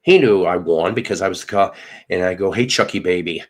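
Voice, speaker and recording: A man's voice: low-pitched, fairly quick. A middle-aged man from Northern Illinois, casually telling a profane story and acting out the dialogue. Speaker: podcast host.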